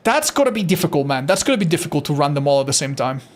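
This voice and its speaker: A man's voice: on the high side, sing-song, very fast. A man chatting casually on a livestream, reading chat, swearing freely and laughing often; English is not his first language. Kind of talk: casual live-stream chat.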